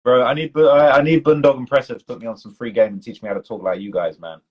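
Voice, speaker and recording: A man's voice: medium pitch, fairly even intonation, fast talker, husky, lo-fi sound. A man with a British accent, hosting a casual live-stream chat, talking in a loose, slangy way full of fillers and restarts. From United Kingdom. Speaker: documentary channel host.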